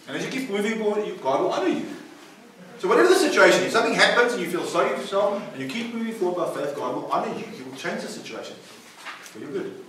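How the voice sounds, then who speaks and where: A man, a pastor, preaching informally to a group at a recovery centre, laughing often and firing rhetorical questions at the room. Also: high voice. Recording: echoey room, voice from far off the mic.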